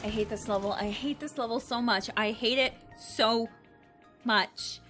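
A woman in her twenties giving gaming commentary as a let's play host, exasperated and repeating herself in rapid bursts. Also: fairly high pitch, a bit bright, faint music behind.

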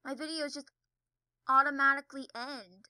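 A woman's voice: sits high, fairly even intonation, normal speed, pushed and bright, no echo, low-quality recording. A young woman giving chatty, giggly commentary while playing a video game, yelping when she falls. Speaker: gaming video creator. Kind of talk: casual gameplay commentary. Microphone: desk mic with audible keyboard.

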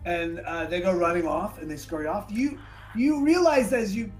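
A man's voice: high voice, moderate pace, faint music behind. A man narrating as dungeon master in a tabletop game, in a theatrical storytelling manner with frequent restarts.

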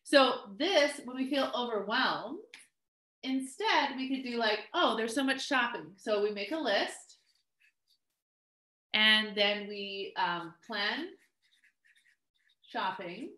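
A woman's voice: fairly high pitch, expressive, slow pace, pauses often, pushed and bright. A middle-aged woman leading a coaching webinar in a chatty, upbeat way, full of fillers and little acted-out quotes. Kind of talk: casual teaching talk.

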